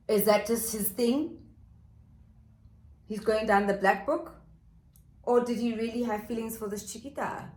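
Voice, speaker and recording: Woman, gossip storytime, makeup vlog, dramatic asides, slow delivery, echoey room. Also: fairly high pitch, steady tone, darkish tone. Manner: chatty, dramatic asides to viewers. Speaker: beauty vlogger. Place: home, doing her makeup.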